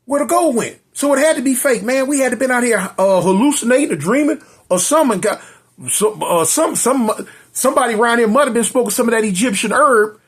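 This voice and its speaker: A man's voice: very high-pitched, expressive, brisk, a bit bright, slightly rough, voice pushed up, exaggerated voice. A man voicing a skeptical young man who insists in a rambling way that something was fake. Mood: insistent.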